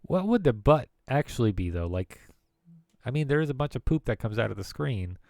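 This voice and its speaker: Gravelly-voiced male streamer riffing jokily. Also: mid-range voice, lively intonation, brisk, a little mellow, no room sound. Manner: rambling and jokey, riffing on words. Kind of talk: casual live-stream chat.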